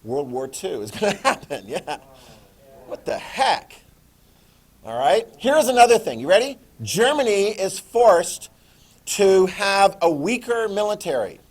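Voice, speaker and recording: A middle-aged man giving a classroom history lecture in a jokey, animated way, acting out quick voices. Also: high voice. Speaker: history teacher.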